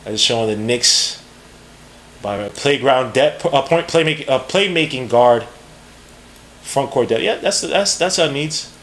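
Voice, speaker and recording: A man hosting a podcast and giving live, rambling, slang-heavy draft commentary. He is excitable and jumps quickly from one thought to the next. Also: medium pitch, slight background noise. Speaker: podcast host.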